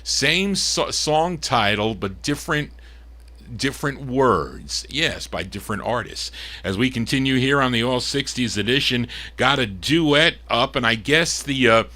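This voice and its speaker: A man hosting a live record show, chatting between songs and pausing on fillers as he gives details. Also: mid-range voice, lively intonation, sharp tone. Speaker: radio-style record show host.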